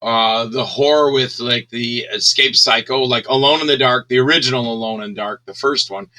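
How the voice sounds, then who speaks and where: Rambling, bright-voiced man. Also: mid-range voice, moderate pace, rough recording. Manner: rambling, animated, acts out scenes with shouts. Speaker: guest filmmaker. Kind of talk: casual interview talk.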